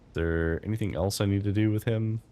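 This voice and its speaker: A man's voice: on the low side, fairly even intonation, brisk, warm tone. A man casually commenting on his game as he plays, chatty and thinking aloud with fillers. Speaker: game streamer. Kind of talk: casual let's-play commentary.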